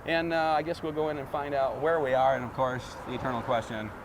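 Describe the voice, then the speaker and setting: A man with a mid-range voice talks to the camera with a wry, musing air. Street and car noise is clearly heard around him. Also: medium pitch, fairly even intonation, fast. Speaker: filmmaker. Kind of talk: talking to camera.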